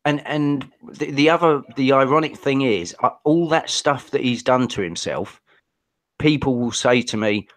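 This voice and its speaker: A man's voice: mid-range voice, unhurried, no room sound. A man with an English accent co-hosting a casual podcast and giving blunt opinions.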